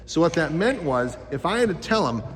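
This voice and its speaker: Energetic man teaching kids in a gym. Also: fairly high pitch, brisk. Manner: energetic, quizzes the kids with questions. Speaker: life skills teacher. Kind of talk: classroom talk to youths. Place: school gym. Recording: echoey gym hall.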